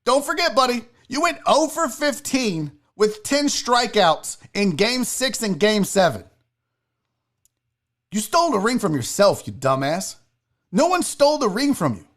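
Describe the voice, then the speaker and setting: A man hosting a solo sports talk show, ranting loudly and mockingly with lots of swearing. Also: sits high. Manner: loud, mocking, profane ranting.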